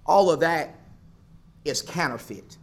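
A man's voice: a little high, animated, slow, creaky. A man preaching a sermon, building emphasis through repeated phrases. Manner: emphatic, repetitive preaching cadence.

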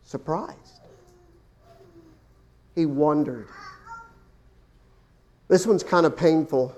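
A man delivers a sermon in a dramatic, theatrical manner. He calls his listeners folks and fires rhetorical questions at them. His voice leaps to loud exclamations, then sinks to hushed, near-whispered lines. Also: on the high side. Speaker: preacher.

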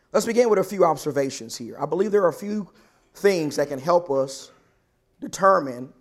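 A man teaching from scripture in an earnest, questioning way, with a voice a touch higher than most men's. He slows down to press on the words he wants remembered. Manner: earnest, questioning, stresses key words slowly. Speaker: preacher. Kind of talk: Bible class sermon.

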